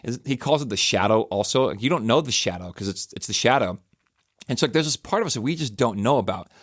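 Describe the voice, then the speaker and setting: A man's voice: medium pitch, lively intonation, fast talker, a bit bright, no room sound, studio quality. A podcast host, a man likely in his thirties, talking in a casual, rambling reflective monologue with frequent restarts and fillers.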